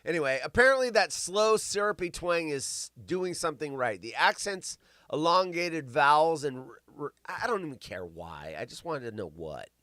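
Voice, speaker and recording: Reading the news aloud on his casual chat show, this host uses a bright, pushed, sing-song voice on the high side at normal speed. He tosses in rambling jokes and trips over words along the way, and the recording has no room sound.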